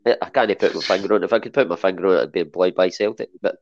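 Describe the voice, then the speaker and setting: A man's voice: sits low, racing, dull audio. A Scottish man chatting as a podcast guest, hesitant and full of restarts. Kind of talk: casual chat.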